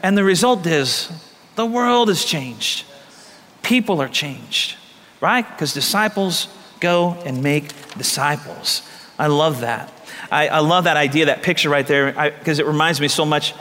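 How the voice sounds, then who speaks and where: 男牧师，高亢明亮，大厅回声. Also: male voice, a little high, lively intonation, a little slow, sharp tone. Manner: storytelling, emphatic, repeats lines for stress. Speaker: pastor. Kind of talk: sermon. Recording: long hall reverb.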